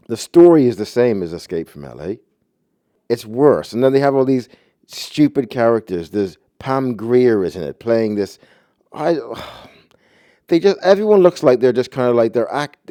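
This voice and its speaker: A man's voice: medium pitch, dark tone, no room sound, clean studio sound. A man ranting about a movie in a profane, agitated, rambling way.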